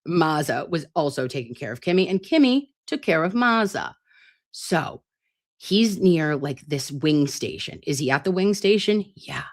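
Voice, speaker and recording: A woman's voice: deep voice, sing-song, measured pace. A woman in her late thirties hosting a live stream, chatting in a rambling, playful and sometimes crude way. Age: 30s. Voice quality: self-described grating voice. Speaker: livestream host. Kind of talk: casual livestream chat. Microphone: computer mic on a live stream.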